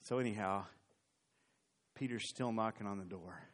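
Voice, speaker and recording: A man's voice: fairly low pitch, normal speed. A male pastor preaching a sermon, retelling a scripture story animatedly and reading verses aloud. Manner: animated storytelling, reads scripture in old formal English.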